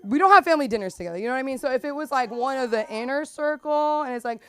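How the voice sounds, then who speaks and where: A young woman with a high voice delivers a rapid-fire open mic set on a small comedy club stage, her intonation lively and her tone clear and resonant. She rambles through stories heavy with "like" and "um," erupting into loud put-on voices for the people she talks about.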